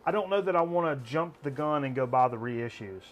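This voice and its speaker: A man's voice: fairly high pitch, lively intonation, brisk. Rambling man hosting a vinyl chat. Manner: rambling, lots of ums and restarts. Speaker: host. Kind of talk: casual chat.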